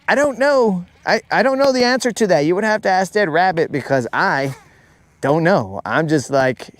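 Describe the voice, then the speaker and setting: A man's voice: fairly high pitch, no echo. A man from the United States hosting a fishing livestream, chatting casually with viewers in a rambling, joking way. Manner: rambling, joking, drawn-out teasing. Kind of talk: casual chat reading live comments.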